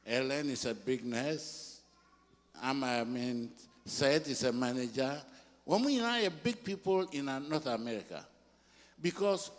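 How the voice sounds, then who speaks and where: Older Ghanaian pastor preaching in a hall. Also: male voice, fairly high pitch. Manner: switches between English and Twi, slow and emphatic. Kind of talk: sermon. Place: large church hall. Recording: long reverb of a church hall.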